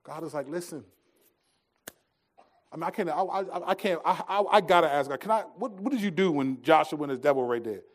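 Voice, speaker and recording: A middle-aged male pastor preaching a sermon, telling stories and swinging between hushed, slow lines and emphatic ones. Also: a little high, animated.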